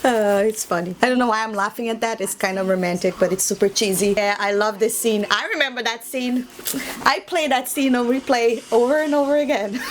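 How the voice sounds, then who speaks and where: Chatty woman host with a fairly high voice, muttering her reactions to a film at home over steady background noise. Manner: chatty, talks to herself, mutters asides. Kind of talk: casual movie reaction commentary. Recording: noisy home recording with background hiss.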